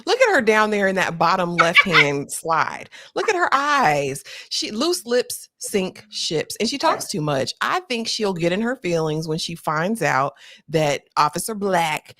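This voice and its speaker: Lively, blunt woman with a low voice. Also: a little slow. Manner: blunt, gossipy. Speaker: panel guest. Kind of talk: live recap chat.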